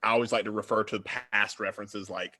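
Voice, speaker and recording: A man who runs a supplement store, speaking in an energetic, emphatic way in a casual roundtable chat. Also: lowish voice, fairly quick, a little hiss or hum.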